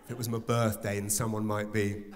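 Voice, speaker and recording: A man in his forties performing live stand-up comedy in a large theatre, animated and building to loud exclamations. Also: lowish voice, a little fast, heavy background noise. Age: 40s. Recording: reverberant live theatre with audience.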